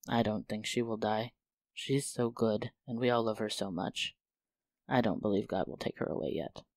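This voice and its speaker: A man's voice: on the low side, steady tone, normal speed, no echo, lightly acted. A man voicing a kind, mischievous young man in a storybook reading, talking eagerly and teasingly. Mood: hopeful.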